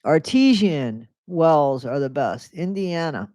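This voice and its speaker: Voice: medium pitch, expressive, takes it slowly, a little mellow, dry recording. A live-stream host chatting casually on a new microphone at home, rambling between topics and reading viewer comments aloud. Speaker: livestream host.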